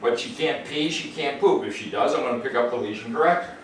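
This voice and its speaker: A man working as a dog trainer, explaining calmly to the owners and giving a dog short, upbeat praise during a demonstration. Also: mid-range voice, fast talker. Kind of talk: instructional demonstration. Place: indoors in a home. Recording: roomy, distant sound with faint noise.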